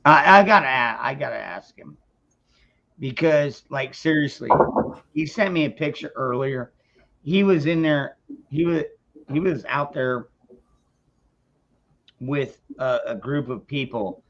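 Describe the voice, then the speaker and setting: A man's voice: mid-range voice, creaky, a bit bright. A man ranting on a casual livestream, angry and profane, stumbling through restarts as he talks. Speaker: streamer. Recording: dull lo-fi sound.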